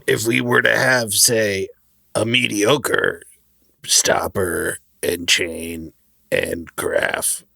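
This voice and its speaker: Slow talking guy, crazy gravelly, bright tense tone, dry mic. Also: on the low side, expressive, no echo. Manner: slow, drawn-out, halting questions. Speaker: player. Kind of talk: casual tabletop play.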